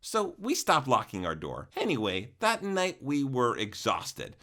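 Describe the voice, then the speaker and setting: A young man, narrating a comic storytime in an animated, exaggerated way with jokey asides. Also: medium pitch, a little slow.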